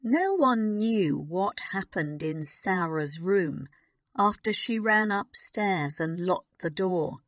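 A woman narrating a graded reader story slowly and carefully on a close mic. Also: medium pitch, expressive, no echo. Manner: slow, careful reading. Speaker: audiobook narrator.

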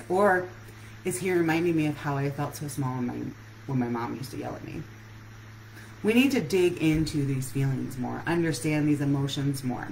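A woman's voice: deep voice, normal speed, creaky, darkish tone, a little hiss or hum, low-quality recording. A woman relationship coach giving an earnest live-streamed talk that puts many questions straight to her listeners.

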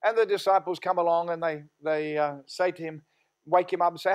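A man's voice: sits high, fairly even intonation, a little fast. A middle-aged man with an Australian accent, a senior pastor preaching a sermon in church, telling stories in a folksy way and praying aloud. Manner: storytelling, folksy, prays aloud. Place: church sanctuary.

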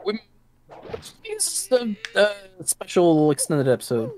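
A man's voice: high-pitched, wildly swooping pitch, darkish tone, slight background noise. A man co-hosting a casual gaming let's play, wisecracking and chatty. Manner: wisecracking, quick commentary.

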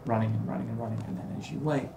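A man narrates a tabletop game as its game master, easing through scenes with plenty of ums. His voice has a gravelly edge. The room around him echoes. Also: mid-range voice, very fast, a little hiss or hum. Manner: relaxed descriptive narration with fillers.

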